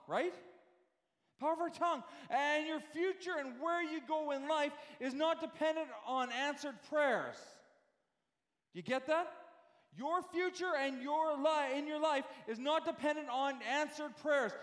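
A man preaching a sermon as pastor, animated and full of rhetorical questions, often repeating words as he goes. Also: very high-pitched, unhurried. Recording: echoey hall reverb.

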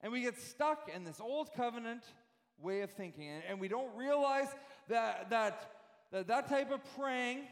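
A man preaching a sermon as pastor, animated and full of rhetorical questions, often repeating words as he goes. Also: very high voice. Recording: echoey hall reverb.

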